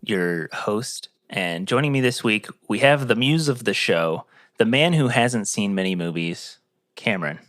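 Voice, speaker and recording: A man's voice: fairly low pitch, expressive, a little slow, fairly bright tone, no room sound. A man hosting a casual podcast, doing upbeat introductions and joking loosely with friends. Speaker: podcast host.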